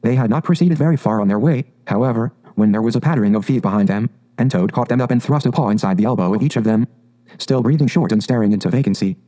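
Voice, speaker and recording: A man narrating a classic storybook in a measured, even way. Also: medium pitch, poor audio. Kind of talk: storybook reading.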